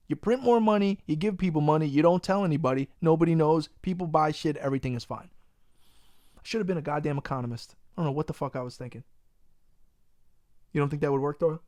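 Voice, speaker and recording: A man's voice: on the high side, a little fast, dry recording. Ranting New man, dry close sound. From Long Island, New York. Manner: profane, animated ranting, says "bro" a lot. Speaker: podcast host. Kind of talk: casual podcast chat.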